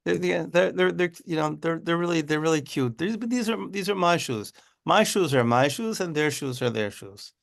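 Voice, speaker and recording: A man's voice: fairly high pitch, expressive, moderate pace, vocal fry, fairly bright tone, pitched above the performer's own voice. A man voicing a proud, cheerful shoemaker from a folk story, fond and unbothered by his modest work. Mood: doting. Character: cheerful proud old-world male shoemaker.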